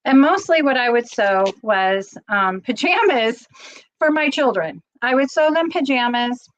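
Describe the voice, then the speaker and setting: A woman's voice: a little high, expressive, unhurried, lo-fi sound. A middle-aged woman hosting a casual live stream, chatty and rambling, getting teary as she talks. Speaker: channel host.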